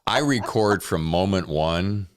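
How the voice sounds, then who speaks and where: A man's voice: low voice, a little slow, clean tone. An American man hosting a podcast interview, chatting casually and with enthusiasm. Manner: enthusiastic, lively, jokey. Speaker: podcast host.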